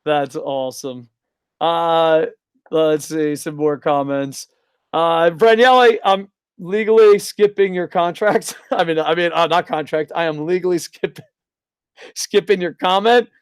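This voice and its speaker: A man from New Jersey co-hosting a casual podcast, with a somewhat high voice. He talks in a profane, excitable way and bursts into loud announcer impressions. The sound is dry and close. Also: measured pace, clean tone, no room sound. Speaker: co-host.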